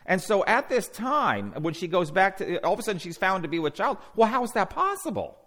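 A man teaching a Bible study class, animated and conversational, often putting questions to the group and restarting his sentences. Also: sits high, brisk.

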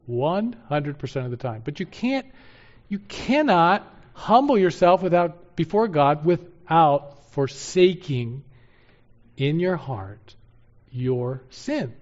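A man preaching a sermon, moving from loud urgent exhortation to hushed, earnest pleading. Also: a little high, animated, slow pace. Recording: dull sound with long hall reverb.

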